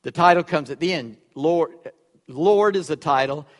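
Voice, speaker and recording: A man with a fairly high voice preaches a sermon in a church. He swings from loud, emphatic lines to quiet, wry asides, and the sound rings out with the long reverb of a large sanctuary. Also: moderate pace. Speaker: pastor. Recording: echoey hall with long reverb.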